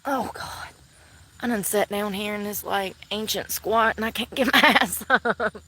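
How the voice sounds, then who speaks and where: A woman's voice: medium pitch, measured pace, bright, forceful tone, roomy sound, rough recording. A woman chatting casually on a livestream, rambling, sighing and laughing at herself. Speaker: vlogger. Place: outdoors in the woods.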